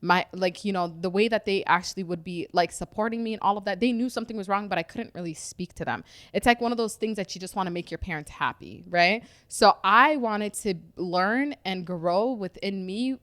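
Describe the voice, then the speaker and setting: A woman's voice: mid-range voice, brisk, hardly any pauses, a bit bright, no echo. A woman with a mid-range voice tells her own story as a podcast guest. She is reflective and loose, with plenty of fillers. The sound is close and dry. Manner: conversational, reflective, with frequent fillers. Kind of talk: candid personal storytelling.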